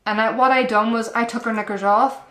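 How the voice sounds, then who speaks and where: Chatty mum in an echoey room. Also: female voice, fairly high pitch, steady tone, a little fast, fairly bright tone. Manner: chatty and earnest, addresses viewers as "guys", repeats herself. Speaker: mum vlogger giving parenting advice. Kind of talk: casual advice vlog to camera. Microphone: camera-mounted shotgun mic.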